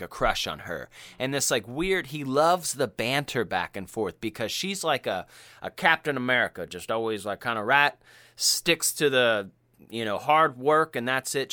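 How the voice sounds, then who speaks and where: A man in casual chat, animated and swearing, with many fillers, acting out film quotes. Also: mid-range voice, no echo.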